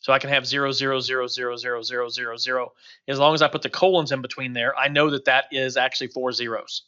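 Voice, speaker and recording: A man's voice: medium pitch, little pitch movement, fast talker, bright, forceful tone, dull audio. A man teaching a recorded course lecture over slides, talking loosely with many fillers and restarts. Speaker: instructor.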